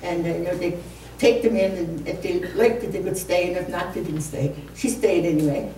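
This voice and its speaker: Her voice runs on the low side, mellow and a little fast, as this seventy-something woman rambles through a comic story for a live audience in a community hall, laughing at herself. A distant mic picks up the echoey room and its faint background noise.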